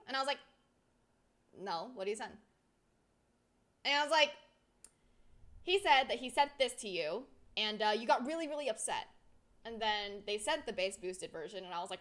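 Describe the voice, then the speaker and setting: A young woman streamer chatting casually and telling a rambling, excitable story, her voice swinging between loud and soft. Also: fairly high pitch, fairly quick. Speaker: VTuber streamer.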